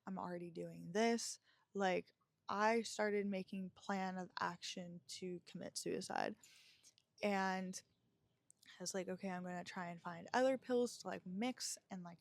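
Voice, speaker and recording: A woman's voice: mid-range voice, fairly even intonation, unhurried, creaky, no room sound. Candid woman telling her own story. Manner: reflective, confessional, with many filler words. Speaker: podcast host.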